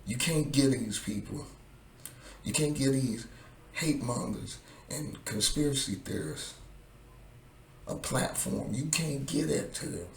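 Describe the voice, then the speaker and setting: A man vents in a slow, deliberate drawl, his voice gravelly and full of fry as he swears and repeats his points. The room is echoey, with a faint hum of ambience underneath. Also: mid-range voice. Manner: profane, heated, repetitive. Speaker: vlogger. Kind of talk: angry political rant to camera.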